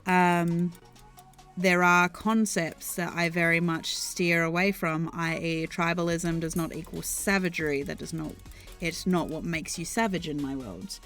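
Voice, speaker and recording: An Australian woman talks her way through ideas on a live stream, unhurried and a touch low in pitch. She meanders, pausing on ums and restarting sentences as she answers her chat. Soft music plays faintly underneath. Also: fairly even intonation. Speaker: streamer and worldbuilder. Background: faint background music.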